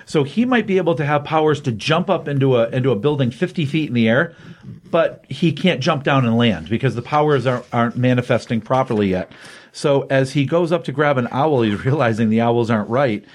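A man hosts a comics podcast, loosely and conversationally retelling a comic book story while slipping in and out of quoted lines. His pitch is medium, and his storytelling is animated, with quick voiced quotes.

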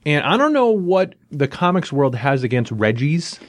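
A man's voice: a little high, sing-song, moderate pace, no echo. A man co-hosting a comics podcast, introducing a comic book in an upbeat, conversational way. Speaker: podcast co-host, comics reviewer. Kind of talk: casual chat, comic review.

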